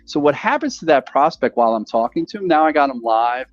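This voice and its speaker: A man in casual podcast conversation, talking in a rambling, animated way and acting out phone calls. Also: medium pitch, fast talker, dry recording, muffled recording. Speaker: podcast host.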